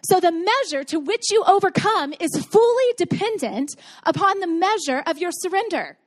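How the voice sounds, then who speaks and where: A woman's voice: extremely high pitch, expressive, normal speed. A woman in her thirties preaching a sermon to her congregation in a conversational way, telling stories and asking rhetorical questions. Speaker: pastor. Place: church sanctuary with congregation.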